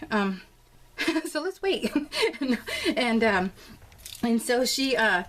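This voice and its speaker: A woman in her forties chatting casually while crafting, telling a story with lots of fillers and laughs. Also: a little high. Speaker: scrapbooking vlogger.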